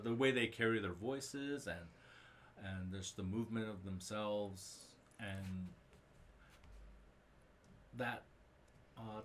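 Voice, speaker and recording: A man speaking as a guest in a casual interview, halting as he repeats words and says "uh" while he thinks. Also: low-pitched, a little hiss or hum. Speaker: guest comedian and actor.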